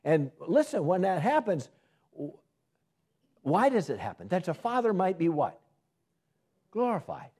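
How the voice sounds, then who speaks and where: A man's voice: high voice, sing-song, measured pace, long pauses, dark tone, husky. A man preaching a sermon, asking the congregation questions and often repeating and restarting his phrases.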